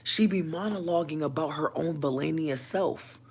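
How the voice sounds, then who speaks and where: Here a woman vlogger spins a humorous storytime rant, animated and profane, alternating loud exclamations with low mumbles. Her tone is husky and her speed moderate.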